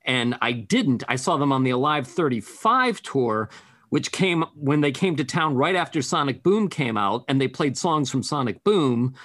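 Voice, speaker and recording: Man, podcast host, animated delivery, dry recording. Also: medium pitch, no room sound. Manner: lively, quick, hands off to others. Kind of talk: casual chat.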